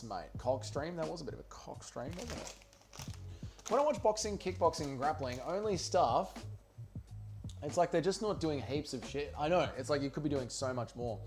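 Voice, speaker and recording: A man's voice: mid-range voice, a little mellow, slight background noise. A man hosting a casual livestream watch party, tipsy and rambling loosely with plenty of swearing. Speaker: livestream host.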